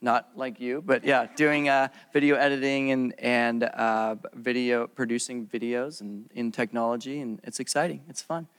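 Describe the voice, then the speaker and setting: A man guest on a panel who speaks in a relaxed, halting way with many fillers. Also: mid-range voice, clean tone. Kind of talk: casual panel talk.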